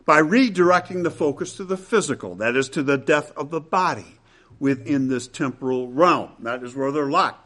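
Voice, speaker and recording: A man preaching a sermon with dramatic, emphatic delivery, swinging between loud and hushed lines. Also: fairly high pitch.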